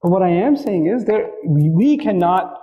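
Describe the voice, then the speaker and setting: Animated man giving a religious talk. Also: high voice, moderate pace, dull audio. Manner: lively, acts out family dialogues. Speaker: Islamic speaker.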